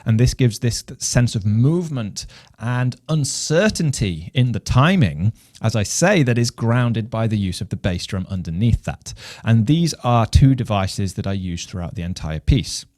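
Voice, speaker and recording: A man, a composer and music teacher from England, giving a measured explanation of rhythm and counting beats aloud. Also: on the low side, animated, a little mellow, no room sound, clean studio sound. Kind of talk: instructional explanation.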